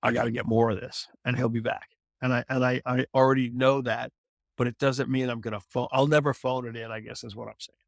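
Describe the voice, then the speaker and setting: A middle-aged man with a gravelly edge in his voice tells stories on a podcast, often restarting and repeating phrases as he goes. The sound is close and dry. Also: mid-range voice, level tone, brisk, no echo. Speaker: celebrity fitness trainer, guest. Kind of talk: candid interview conversation.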